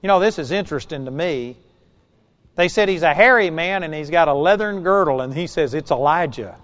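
A man preaching a sermon, reading scripture aloud and retelling it in a relaxed, conversational storytelling way with small asides. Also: fairly high pitch, fairly quick, big-room sound, muffled recording.

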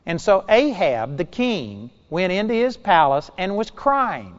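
A man delivers a sermon, reading scripture and then retelling it in his own conversational words with little asides. His voice sits a bit high for a man. The recording is muffled and lo-fi. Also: big pitch swings, measured pace, few pauses, in a large hall. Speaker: preacher.

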